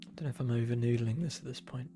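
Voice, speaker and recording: A man's voice: medium pitch, steady tone, rapid-fire, music in the background. A young man streaming, chatting casually while he draws, with dry self-deprecating humor. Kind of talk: casual chat while drawing.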